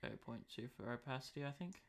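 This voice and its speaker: Bright-voiced Australian man streaming casually. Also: medium pitch, lively intonation, quick pace, slight background noise. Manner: chatty, self-deprecating, mutters to himself. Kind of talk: casual live-stream commentary while map making.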